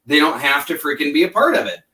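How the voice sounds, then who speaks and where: A man's voice: fairly high pitch, big pitch swings, quick pace, sharp tone. A man hosting a casual vlog who chats in a rambling, laughing way, with many fillers and restarts. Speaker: vlog host and voice impressionist. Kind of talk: casual chat.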